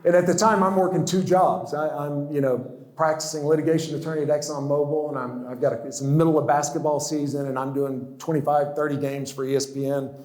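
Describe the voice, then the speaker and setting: A man's voice: on the high side, fairly even intonation, fairly quick, darkish tone. A man in his sixties giving a personal testimony talk, stammering into restarts and chuckling as he tells his story. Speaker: guest speaker. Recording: roomy echo.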